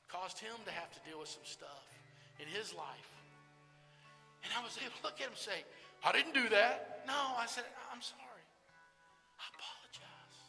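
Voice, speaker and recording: Gravelly, high, bright older male preacher. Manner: earnest, emphatic, talks straight to the crowd; swings between loud stresses and hushed lines. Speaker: recovery ministry speaker. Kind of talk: testimony sermon. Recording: live hall recording with reverb and faint music.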